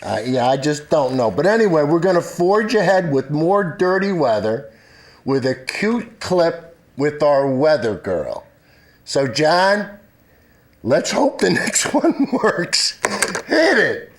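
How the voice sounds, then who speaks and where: A man's voice: a little high, sing-song, takes it slowly. A man hosting a live public-access TV show, rambling and apologetic, with fillers and nervous laughs.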